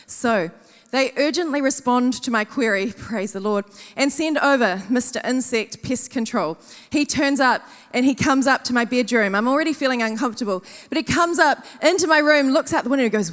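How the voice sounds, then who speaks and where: A woman tells animated, self-mocking stories from the stage, acting out her own panic and other people's lines. Her voice sits high, and a long reverb trails behind it in a large hall. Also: moderate pace. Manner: animated, self-mocking storytelling with acted-out quotes. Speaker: conference speaker. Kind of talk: storytelling sermon.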